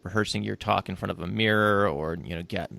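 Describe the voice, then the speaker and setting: A man hosts a podcast, asking casual questions with lots of hesitant restarts and fillers. His voice is low and strongly gravelly. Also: a little fast, bright, forceful tone. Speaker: podcast host.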